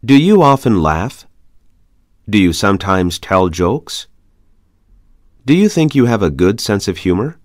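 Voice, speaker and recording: A man reading English conversation practice questions aloud in a measured, even way. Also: on the low side, no echo, studio quality. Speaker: English lesson reader.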